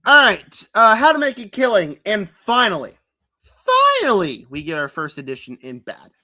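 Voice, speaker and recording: A young man reviews movies on a live stream in a high, bright, forceful voice, moderately paced with big pitch swings. His casual tier list chat is rambling and filler-heavy, full of mocking character impressions in put-on quotes.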